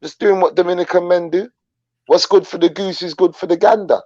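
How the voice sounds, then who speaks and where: Blunt guy spinning stories in slang, kinda high voice, dull dry sound. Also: steady tone, fairly quick, warm tone, dry recording. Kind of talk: casual live chat.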